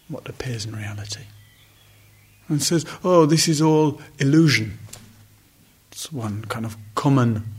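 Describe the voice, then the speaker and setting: A man's voice: mid-range voice, slightly rough. A man giving a reflective, conversational dharma talk as a meditation teacher, with wry asides. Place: retreat center hall.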